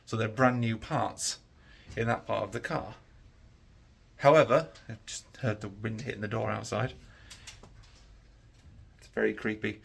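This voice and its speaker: A man's voice: fairly low pitch, steady tone, unhurried, vocal fry, pauses often, a bit bright, slightly rough. A tired man, chatting casually to camera in a rambling, easygoing vlog. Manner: rambling, easygoing, many fillers. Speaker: vlogger.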